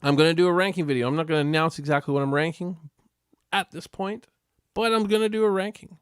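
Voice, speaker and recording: A man's voice: a little high, quick pace, clean tone, dry recording, studio quality. A man from Western Canada hosting a casual live stream, rambling and chatty as he answers viewers in the chat. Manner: rambling, chatty, laughs often. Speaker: livestream host.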